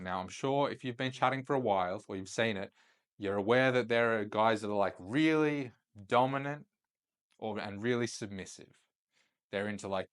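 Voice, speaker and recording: A young man hosting a casual instructional video, talking loosely and often checking in with "right?" after each point. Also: lowish voice. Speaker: host and chat-sales coach. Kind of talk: casual instructional talk to camera.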